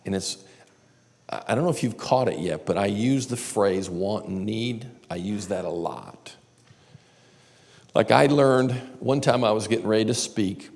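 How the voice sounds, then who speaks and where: A low, gravelly-voiced man tells candid, self-deprecating stories as he teaches a seminar. His voice carries a long reverb from a large church auditorium, recorded live. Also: darkish tone. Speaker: seminar speaker. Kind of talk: storytelling teaching talk.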